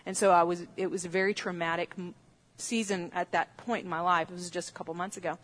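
A woman's voice: lowish voice, level tone, fast talker, fairly bright tone. Chatty woman telling a sermon story. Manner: chatty, with frequent restarts and laughs. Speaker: teacher on dreams.

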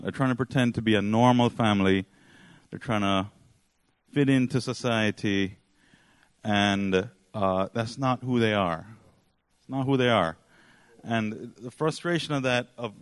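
Male preacher, mid pitch, rambling storyteller, dry close sound. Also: dry recording. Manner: rambling storyteller, many fillers. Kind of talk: sermon.

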